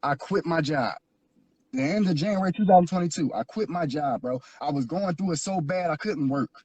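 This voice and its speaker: A man's voice: fairly high pitch, brisk, a little mellow, slightly rough, no echo. A man from Philadelphia telling his life story as an interview guest, earnest and repetitive, building into preaching. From Philadelphia, USA. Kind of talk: emotional personal testimony.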